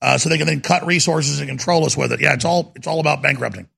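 A man hosting a call-in radio show, talking in a forceful, emphatic way and agreeing loudly with callers. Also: a little high, fast. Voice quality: gravelly, raspy. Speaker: radio talk show host.

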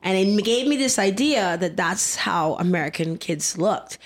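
A woman's voice: mid-range voice, lively intonation, measured pace. A woman in her thirties co-hosting a podcast in casual chat, chatty and rambling, sometimes talking with food in her mouth. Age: 30s. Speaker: podcast co-host.

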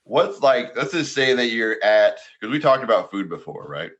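A man's voice: medium pitch, lively intonation, moderate pace, fairly bright tone, highs cut off. A man co-hosting a casual sports and beer podcast, talking in a rambling, joking way with lots of fillers. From United States. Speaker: podcast co-host. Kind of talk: casual chat.

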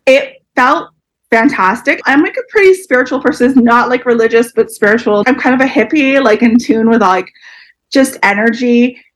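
A woman in her forties, a podcast guest, telling a personal story openly and with feeling. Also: on the high side. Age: 40s. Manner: open, emotional, quotes people in lively voices.

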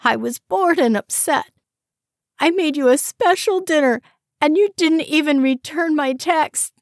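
Woman doing a hurt hungover wife, hoarse, croaking, high and strained, dry recording. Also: unhurried, no echo. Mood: upset. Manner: croaking and pleading.

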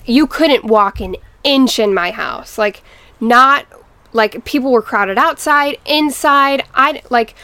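A young woman guest telling a painful personal story in a podcast interview, halting and restarting as she recalls what happened. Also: fairly high pitch, fairly bright tone, clean tone, no echo. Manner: halting, restarts, quotes family members.

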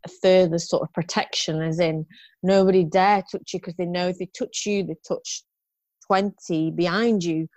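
A woman's voice: on the low side, steady tone, normal speed, a little mellow, no room sound. A woman in her fifties, a guest in an interview, telling her story frankly and ramblingly, with restarts and rueful laughs.

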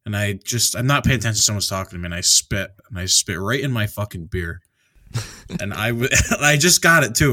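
Guy swearing a lot in laid-back chat, lowish voice, dry sound. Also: pushed and bright, no echo. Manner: swears freely, laughs often. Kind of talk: casual chat.

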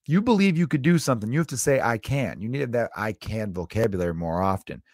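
Male podcast host, 30s, mid-pitched, chatty and upbeat, dry booth sound. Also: expressive, fast, no echo. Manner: chatty, motivational, swears casually. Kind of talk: casual solo podcast monologue.

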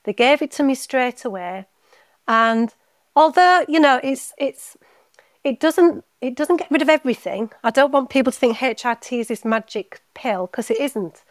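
A woman guest on a podcast, telling a personal story in a heartfelt, halting way, often repeating words. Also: high voice, expressive, dry recording. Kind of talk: emotional personal story in casual chat.

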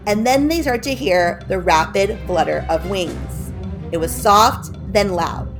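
A woman's voice: mid-range voice, expressive, a little slow, music in the background. A woman retelling a spooky story in a loose, chatty way, peppered with "like" and "kinda".

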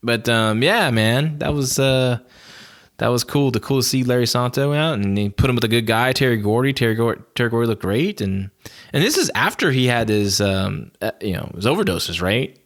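A man hosting a wrestling podcast, telling stories in a rambling, animated way with lots of fillers. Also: medium pitch, moderate pace. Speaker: podcast host. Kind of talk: casual wrestling podcast chat.

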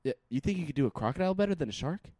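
A man's voice: a little high, expressive, racing, dark tone, no room sound. A man hosting a casual podcast chat, loose and joking, swearing freely. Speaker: podcast host.

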